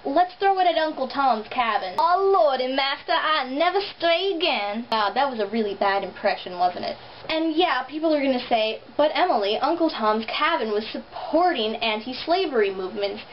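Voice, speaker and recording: Young woman vlogger, slight lisp, animated sarcastic chat, cheap camera mic, muffled audio. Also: on the high side. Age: young adult. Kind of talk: casual vlog chat. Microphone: built-in camera mic. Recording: dull lo-fi camera audio, faint hiss.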